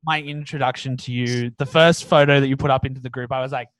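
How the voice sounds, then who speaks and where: A man's voice: medium pitch, fairly even intonation, fast talker, a bit bright, no room sound, low-quality recording. Chatty man hosting a podcast. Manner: chatty, laughs easily. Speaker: podcast host. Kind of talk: casual chat.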